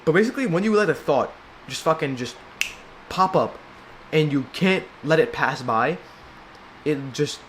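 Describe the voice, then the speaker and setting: A young man in a casual advice vlog, rambling and swearing a lot, full of filler and slang, and now and then mocking people in high squeaky put-on voices. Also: fairly bright tone, slight background noise. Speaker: self-help video maker.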